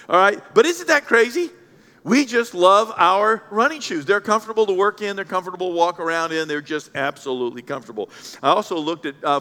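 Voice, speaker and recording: A male pastor delivers a playful, animated sermon, trading loud bursts for quiet asides. His voice sits high and sounds bright and forceful. The sound carries the long reverb of a large church hall.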